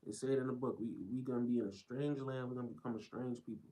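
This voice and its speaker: A male streamer with a mid-pitched voice talks straight into his stream. He is blunt and rambling and keeps looping back over the same phrases as he reacts to clips. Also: steady tone, fast, warm tone, poor audio. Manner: blunt, rambling, repeats himself. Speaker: live streamer.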